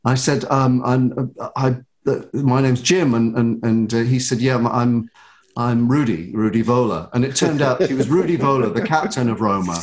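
A man's voice: medium pitch, moderate pace. A man, a podcast guest, telling self-deprecating anecdotes with lots of restarts and quoted dialogue. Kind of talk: anecdotal storytelling.

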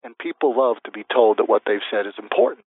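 A man being interviewed as a guest expert, calmly laying out a method step by step and acting out example phrases. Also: on the low side, fast, dry recording. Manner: methodical, lists numbered steps, acts out example phrases. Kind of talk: interview answers, explaining step by step. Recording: tinny phone-like line, dry.

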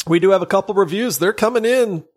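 A man co-hosting a casual gaming podcast, animated and quick to laugh, talking into a close mic at home. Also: high-pitched. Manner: animated, laughing, does silly voices when reading. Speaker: podcast co-host. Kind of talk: casual chat.

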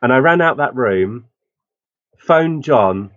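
A man's voice: mid-range voice, takes it slowly, no room sound. Guy telling a story, does the voices, muffled dry recording. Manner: lively storyteller, acts out quoted lines. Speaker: guest medium. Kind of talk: personal storytelling.

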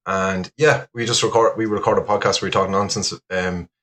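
Rambling Irish man with a low voice. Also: steady tone, fairly quick, fairly bright tone. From Ireland. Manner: rambling, self-deprecating, sweary. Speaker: podcast guest. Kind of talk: casual chat.

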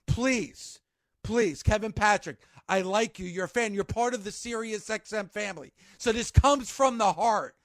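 A man's voice: high voice, normal speed, no echo. A man hosting a sports radio show, ranting emphatically with an exasperated, pleading push.

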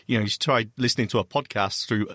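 A man's voice: fairly low pitch, fast talker, a bit bright, no echo. A man co-hosting a podcast in casual chat, making dry quips and short agreements. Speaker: podcast co-host.

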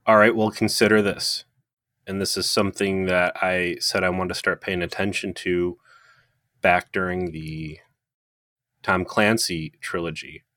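A man with a low, forceful voice talks through an episode review in a casual, analytical way. He often pauses on ums and uhs. The sound is dry and close. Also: steady tone, no room sound. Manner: earnest, analytical, with frequent um and uh. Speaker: podcast co-host.

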